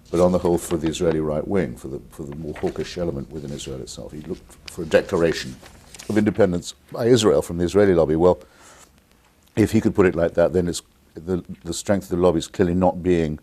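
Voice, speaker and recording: Low-voiced and warm with a breathy edge, this man from England is an author taking part in a call-in TV interview as its guest. He talks in a deliberate, articulate way and doesn't soften his opinions.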